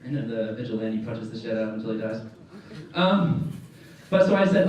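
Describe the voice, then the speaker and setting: A young man doing stand-up on a club stage, his voice a bit higher than most, rambling through a story full of fillers and chuckling at his own lines. He sounds distant from the mic in a very echoey room, with an audience clearly audible behind him. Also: animated, fairly quick, a little mellow, muffled recording. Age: young adult. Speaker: stand-up comedian. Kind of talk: stand-up comedy set. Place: comedy club stage, indoors.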